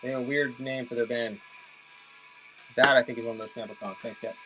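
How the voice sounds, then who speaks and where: A man's voice: medium pitch, steady tone, a little fast, over music, low-quality recording. Chatty man selling records live. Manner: rambling, chatty, talks to viewers by name. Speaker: live auction seller. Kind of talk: casual live-stream chat.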